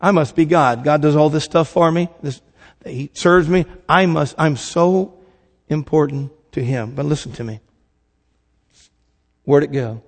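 A man's voice: a little high, unhurried, pauses often, big-room sound. A man preaching a casual, conversational sermon, asking the congregation questions and acting out little quoted voices. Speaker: pastor.

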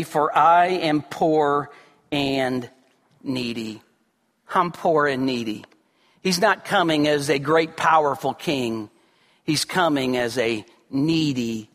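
High, bright-voiced preacher in an echoing hall. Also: male voice. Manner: earnest preaching, rising to near shouts, dropping low and quiet. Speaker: pastor. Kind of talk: sermon.

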